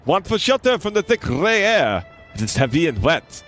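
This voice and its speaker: A man voicing a gruff, doting male bug brewer in a game, speaking clipped, broken English with a mock French accent. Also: fairly high pitch, very animated, moderate pace, a bit bright, soft background music, voice pushed up. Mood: worried.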